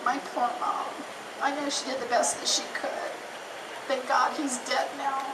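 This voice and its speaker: Middle-aged woman, rally speaker, animated storyteller, roomy distant camera audio. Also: sits high, a little slow, heavy background noise. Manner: animated storyteller, acts out quoted dialogue. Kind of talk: personal story speech at an outdoor rally. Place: outdoor rally.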